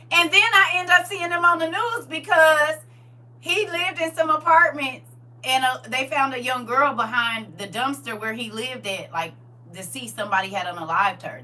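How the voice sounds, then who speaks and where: A middle-aged woman casually telling a story to her viewers, acting out the quotes and laughing as she goes. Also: high voice. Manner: animated, laughing, acts out quotes. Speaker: livestream host. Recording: distant mic with faint hum.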